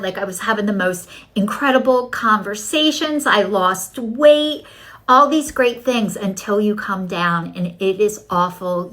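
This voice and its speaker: A middle-aged woman vlogging to her viewers in a chatty, animated way, acting out what people said to her. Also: mid-range voice, rough recording. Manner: chatty, animated storytelling, acts out dialogue. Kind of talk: casual talking-to-camera vlog.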